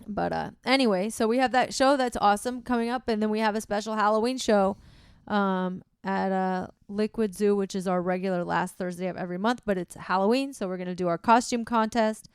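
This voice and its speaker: Gravelly, rambling female comedian. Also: medium pitch, fairly quick, few pauses, no echo, studio quality. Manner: rambling, filler-heavy. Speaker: comedian and show promoter. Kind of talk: casual chat.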